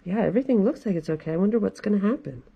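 A woman's voice: medium pitch, expressive, rapid-fire, vocal fry, highs cut off, slight background noise. A woman in her forties, a children's librarian, reading a picture book aloud in a library with chatty asides to kids. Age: 40s.

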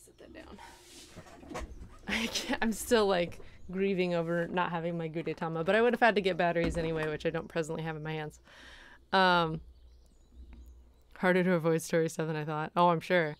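A woman's voice: on the low side, fairly even intonation, fairly quick, pauses often, slight background noise. A woman streaming from her room, chatting casually, laughing often and thanking viewers, her voice tired at the end of the day. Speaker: streamer and voice actor. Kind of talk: casual livestream chat.

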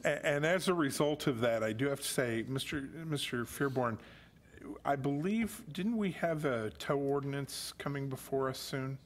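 A man's voice: medium pitch, moderate pace. A middle-aged man, a council member, speaks at a city meeting in a mid-range voice. His remarks are folksy and lightly joking as he turns to staff one by one.

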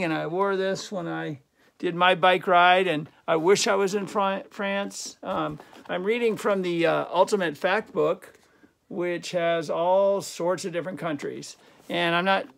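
Gravelly-voiced man teaching a class. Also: sits high, a bit bright. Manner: chatty, jokey, with many fillers and restarts. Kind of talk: recorded remote class lesson.

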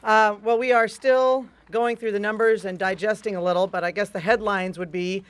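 A woman's voice: mid-range voice, steady tone, normal speed. A woman, a legislative leader, giving conversational remarks at a news conference with frequent fillers.

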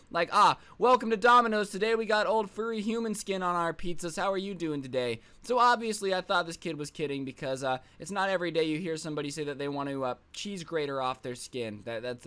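A man's voice: a little high, fairly bright tone, smooth, no echo. A young man telling a storytime vlog casually, sarcastic and rambling. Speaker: storytime vlogger.

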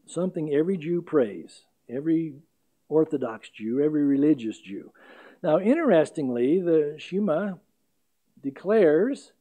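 A man preaching an expository sermon as pastor, speaking emphatically and slowing down to stress scripture readings. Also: fairly high pitch, animated, dark tone.

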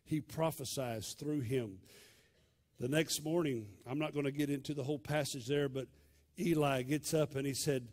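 A male pastor, preaching a sermon in a dramatic storytelling way that swings from loud to hushed. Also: mid-range voice, steady tone, normal speed.

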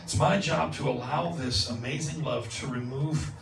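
A man's voice: medium pitch, normal speed, vocal fry, crowd noise. A male guest preacher telling a story in a conversational sermon, acting out the dialogue and laughing along. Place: church sanctuary. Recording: echoey church from far off with noise.

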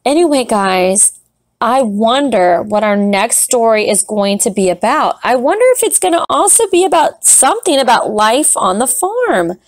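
A woman teacher reading a picture book aloud to young students in a gentle, encouraging way. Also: a little high, big pitch swings, normal speed, no echo. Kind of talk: children's read-aloud. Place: classroom recording setup.

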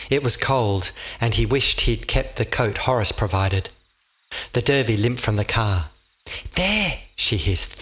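A man giving scripted audiobook narration in a measured, vivid storytelling manner. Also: fairly low pitch, a bit bright.

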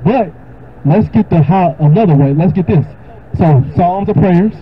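A man answering a question with informal Bible teaching, talking casually and reading the verses aloud more slowly. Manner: casual, conversational, reads verses slower and higher. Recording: dull lo-fi recording with faint noise.

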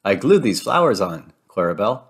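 A man's voice: on the low side, sing-song, brisk, slightly rough, voice pushed down, heavily acted. A man voicing a sassy little female cartoon cuckoo bird in a storybook read-aloud, wry and perky.

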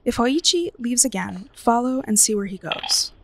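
A woman's voice: on the high side, animated, normal speed, vocal fry, background noise. A woman voicing a worried male temple priest in a storybook reading, concerned and firm.

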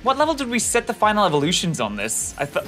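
A young man, chatting casually and excitably while playing a video game. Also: sits high, fast talker, faint music behind. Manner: animated, excitable, swears casually. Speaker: co-host of a gaming video. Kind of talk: casual chat over gameplay.

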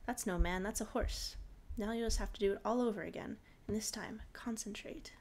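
A woman doing a gruff, greedy old-fashioned father. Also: mid-range voice, fairly quick, a little mellow, natural voice. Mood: scolding. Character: gruff greedy middle-aged father, a scavenger.

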